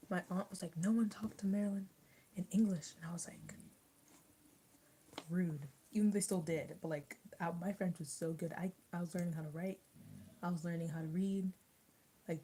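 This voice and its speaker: A young adult woman vlogger chats casually while eating in a mukbang, rambling with many restarts and lots of "like." Her voice is warm and on the low side, and the rough recording carries slight background noise.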